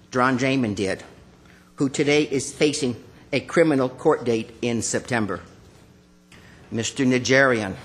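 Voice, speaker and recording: A man's voice: mid-range voice, a bit bright. A man giving public comment at a city council meeting, accusatory and confrontational, calling out officials by name from a podium microphone.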